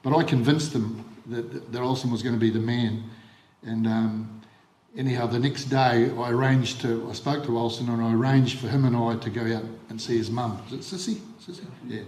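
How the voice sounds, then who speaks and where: An older man with a New Zealand accent delivers a funeral eulogy, mid-pitched, recalling his coaching years. He talks haltingly, repeating words and filling gaps with ums. The sound is echoey, as in a service hall. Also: fairly even intonation, a little mellow. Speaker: former rugby league coach giving a eulogy.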